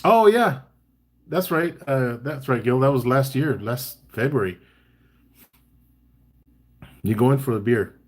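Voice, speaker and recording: A man hosting a casual live-stream chat. He talks in a relaxed, chatty way, reads out viewer comments and gives tips between bits of banter. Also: mid-range voice, a little slow, pauses often. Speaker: barbecue caterer and live chat host.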